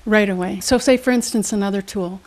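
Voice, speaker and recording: A woman's voice: medium pitch, a little fast, darkish tone. Emphatic woman motivational speaker. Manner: emphatic, teacherly, asks quiz questions. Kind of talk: interview guest. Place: studio.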